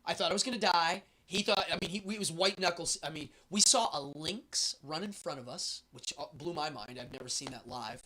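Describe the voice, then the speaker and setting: A man's voice: fairly high pitch, brisk, few pauses, pushed and bright. A man hosting a show, telling a travel story in a casual, rambling way with many fillers.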